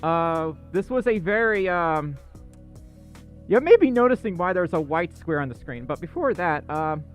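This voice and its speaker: A male livestream host chatting casually with viewers, excitable and self-deprecating. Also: on the high side, normal speed, faint music behind.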